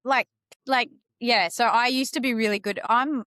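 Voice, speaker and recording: A middle-aged woman, hosting a casual podcast conversation and telling stories in a lively way. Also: on the high side, moderate pace, dry recording, studio quality. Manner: animated storyteller, acts out quoted dialogue. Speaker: podcast host.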